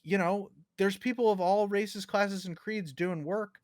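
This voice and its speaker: A man co-hosting a casual podcast discussion, talking in an animated way and swearing casually. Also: high voice, a little slow, no room sound, clean studio sound. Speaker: co-host.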